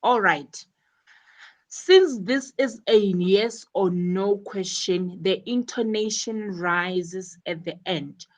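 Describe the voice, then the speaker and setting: Slow, patient woman teaching English. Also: mid-range voice. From South Africa. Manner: repeats words and phrases while explaining. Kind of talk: slow explanatory lesson.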